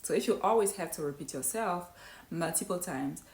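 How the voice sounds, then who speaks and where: Giving an English pronunciation lesson, a woman for whom English is not a first language speaks at a moderate pace with lively intonation in a slightly low, darkish voice. She walks through each point step by step, frequently asking "right?", in an echoey room.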